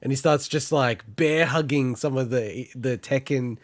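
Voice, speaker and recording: A man's voice: medium pitch, a little slow, no echo, studio quality. A man co-hosting a casual gaming podcast, jokey and playful, and he sometimes stutters. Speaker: podcast co-host.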